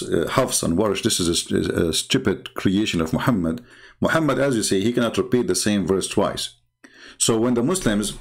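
Man, gravelly creaky voice, arguing loosely with lots of uh and restarts. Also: on the low side. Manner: argumentative, halting, many fillers and restarts. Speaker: religious commentator. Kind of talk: unscripted screen-share talk.

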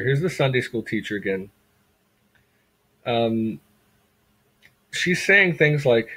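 A man's voice: mid-range voice, lively intonation, takes it slowly, long pauses, sharp tone, slightly rough, low-quality recording. A man lecturing a class in a conversational way, often repeating words for emphasis and asking rhetorical questions. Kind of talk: classroom lecture on a graphic novel.

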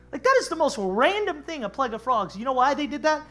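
A male pastor preaching an animated, conversational sermon, acting out voices and laughing along the way. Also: very high-pitched, quick pace, few pauses. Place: church.

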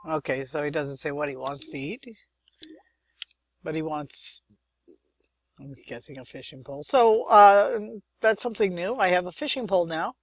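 A woman's voice: low-pitched, normal speed, long pauses, a bit bright, dry recording. A young woman hosting a let's-play, chatting and thinking aloud as she plays, with muttered asides. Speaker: gaming channel host. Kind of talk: let's-play game commentary.

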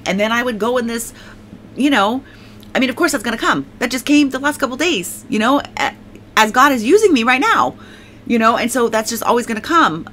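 A woman's voice: a little high, sharp tone, slight background noise. A woman giving a casual spoken faith testimony, rambling and emphatic, leaning on "like" and repeating herself, and now and then thanking God aloud. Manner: prays aloud.

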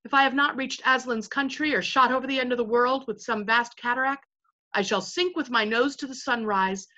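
A small, brave mouse knight speaks in proud, formal phrases as a woman reads him aloud. The voice sits a little high and bright. The recording is dull and lo-fi. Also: a little fast.

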